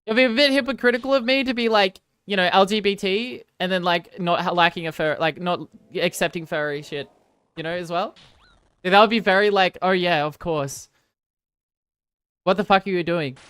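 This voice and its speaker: A woman's voice: medium pitch, brisk, a bit bright, clean tone, dry recording. A woman streamer chatting casually with viewers, rambling and apologizing in a self-deprecating way.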